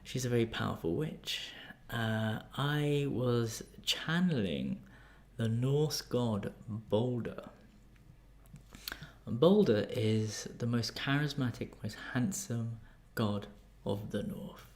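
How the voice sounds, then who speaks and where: A man with an English accent, a life coach telling a personal story in a casual, animated way. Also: mid-range voice, slow. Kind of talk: storytelling vlog.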